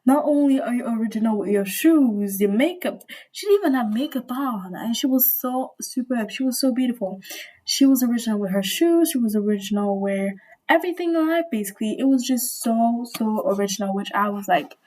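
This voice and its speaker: A woman's voice: on the high side, animated, fairly quick, darkish tone, rough recording. A young woman vlogger, a little sick, rambling and gushing in casual slangy storytime chat.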